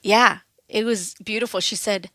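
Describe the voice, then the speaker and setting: A young woman telling a personal story as a podcast guest, animated and acting out the voices of the people she quotes. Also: medium pitch, moderate pace, no echo. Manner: animated, acts out quoted voices, laughs often.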